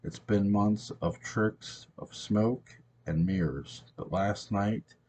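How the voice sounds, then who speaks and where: A man's voice: lowish voice, slow, mellow. A man voicing a nervous male fraud medium who pleads and defends himself. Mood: pleading.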